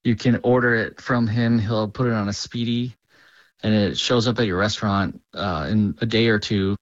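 A man's voice: lowish voice, steady tone, normal speed, no echo. A man, a chef, speaking casually and with enthusiasm in interview clips. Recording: dull, dry lo-fi sound.

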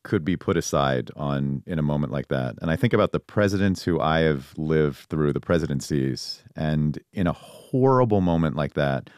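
A man's voice: a bass voice, moderate pace, few pauses, darkish tone, clear, resonant tone, no echo, clean studio sound. A middle-aged man, a journalist and co-host, reflecting earnestly in a conversational political discussion. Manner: reflective, earnest, musing aloud.

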